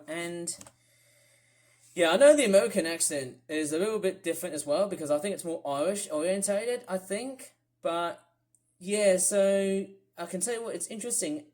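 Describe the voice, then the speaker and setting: A woman's voice: fairly low pitch, darkish tone. A woman with an Australian accent chatting casually to camera as a vlogger, rambling and filling her talk with "you know" and restarts.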